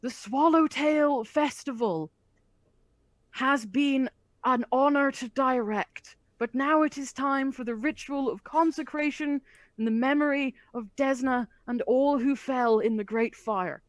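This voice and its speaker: A game master voicing a male priest who addresses a festival crowd in a huge booming voice. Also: unhurried, no echo. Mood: ceremonial. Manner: grand, ceremonial proclaiming.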